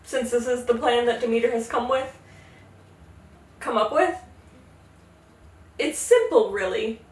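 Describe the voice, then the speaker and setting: A woman hosting a casual, jokey retelling of a myth, slipping into quick character voices. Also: a little high, reverberant, far from the mic. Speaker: podcast host. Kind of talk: casual tipsy mythology retelling.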